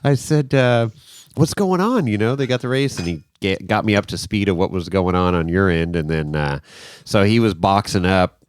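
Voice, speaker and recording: A man's voice: sits low, brisk, smooth. A man hosting a casual podcast, asking questions conversationally and telling his own side of the story. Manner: conversational, mixes in quoted dialogue with swearing. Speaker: podcast host.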